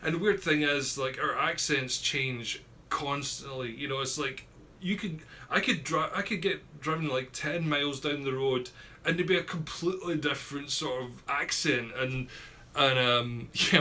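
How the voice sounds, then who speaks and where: A man's voice: medium pitch, moderate pace, pushed and bright, slight background noise. A man with a southwest Scottish accent from near Glasgow, hosting a casual live-stream chat and reading out viewers' comments, with lots of fillers and repeated words. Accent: Scottish, southwest coast near Glasgow. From Scotland.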